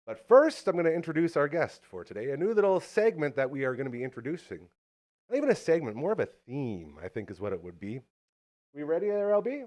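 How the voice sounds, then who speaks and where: A man's voice: fairly high pitch, big pitch swings, quick pace, darkish tone. A man hosting a live show, out of breath and talking in a hyped, jokey, self-mocking way. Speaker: host.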